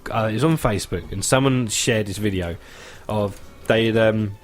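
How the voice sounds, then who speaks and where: In a radio studio, a British man co-hosts a comedy show, bantering casually, laughing often, and telling funny stories with animation. His voice is on the low side and his pace is normal.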